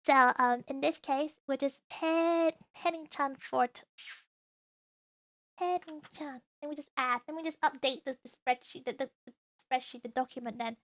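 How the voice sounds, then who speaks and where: A woman's voice: high-pitched, moderate pace. A young woman streaming a lesson on idol fan chants, bubbly and apologetic, often stammering and restarting her sentences.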